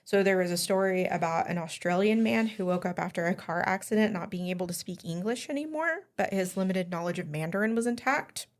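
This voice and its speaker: A woman's voice: on the low side, a little fast, hardly any pauses. A woman hosting a podcast, casually telling a story with lots of ums and small laughs. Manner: chatty, giggly, many ums. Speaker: podcast host.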